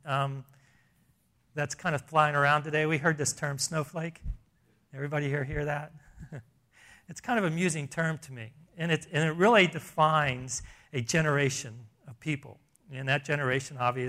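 A man's voice: a little high, a bit bright. A man preaching a sermon in a church, earnest and conversational, often restarting his sentences. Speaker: pastor.

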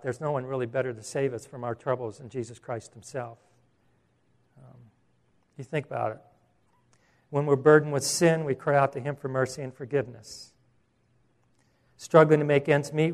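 With a medium pitch and fairly even intonation, a pastor preaches earnestly. He tends to restart phrases and slows down for emphasis.

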